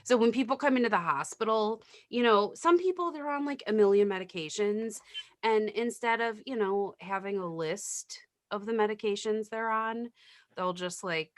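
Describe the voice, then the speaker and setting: A woman's voice: medium pitch, normal speed, no room sound, studio quality. A woman nurse chatting candidly on a podcast, telling work stories and swearing casually. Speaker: nurse, guest.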